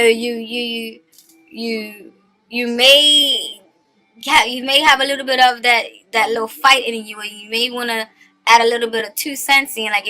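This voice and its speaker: A woman giving a casual tarot reading to her viewers. She is chatty and animated, often checks in with "okay?", and slows down to stress her points. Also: fairly high pitch. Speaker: tarot reader.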